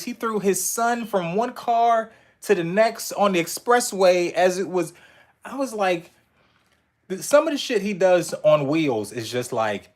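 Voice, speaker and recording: Indoors in front of a screen, a man live streams his reactions to movie clips, chatting casually, swearing a lot, and laughing often. He's animated, with a fairly high voice and an unhurried delivery.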